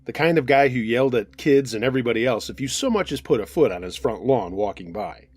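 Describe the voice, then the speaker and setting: A fast-talking man with a slightly rough, medium-pitched voice recounts true scary stories from listeners in the first person, steadily and in storytelling fashion. The recording is dry.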